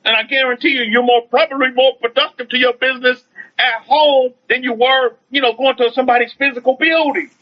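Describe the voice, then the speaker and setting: A high-pitched man preaches as a rabbi in an informal online teaching, repeating his phrases and asking rhetorical questions. He reads out comments from viewers as he goes. The sound is dull and lo-fi, like a livestream. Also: steady tone, a little fast. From United States. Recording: dull lo-fi stream audio.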